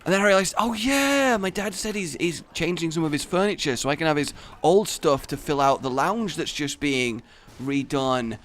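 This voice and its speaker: A man's voice: a little high, moderate pace, a bit bright. A young man commentating on a game while telling a funny personal story, acting out his own sleepy voice and laughing often. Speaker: gaming commentator. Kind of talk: casual anecdote over gameplay.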